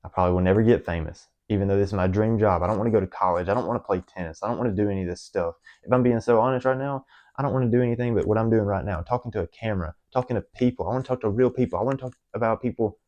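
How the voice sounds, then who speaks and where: Speaking very fast, this young adult male vlogger has a drawl and a lowish, slightly mellow voice, and the recording's high frequencies are cut off. His earnest, rambling confession to the camera is full of false starts and fillers.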